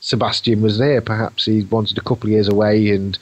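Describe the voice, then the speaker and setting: A man's voice: fairly low pitch, little pitch movement, a little fast, dry recording, highs cut off. A man, co-hosting a podcast in casual chat, musing and rambling with many fillers. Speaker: podcast co-host.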